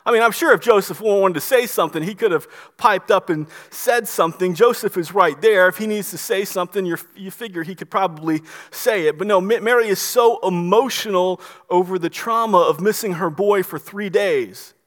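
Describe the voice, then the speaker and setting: A male pastor preaching a sermon in an animated, storytelling way, often stammering and restarting his words. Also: sits high, moderate pace, hardly any pauses, big-room sound.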